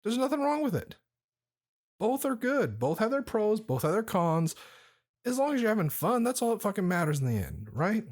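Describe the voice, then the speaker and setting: A man's voice: high voice, big pitch swings, moderate pace, darkish tone. A man hosting a podcast, telling a story in a rambling, profane, laid-back way while drinking. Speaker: podcast host. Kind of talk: casual storytelling chat.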